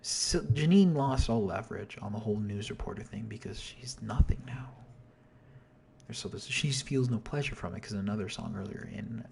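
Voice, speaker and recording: A man's voice: on the low side, normal speed, vocal fry, darkish tone, slight background noise. Rambling man breaking down song lyrics. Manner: rambling, often drops to a whisper, self-corrects. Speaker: video host explaining song lyrics. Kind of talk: casual lyric breakdown, quoting and half-singing lines.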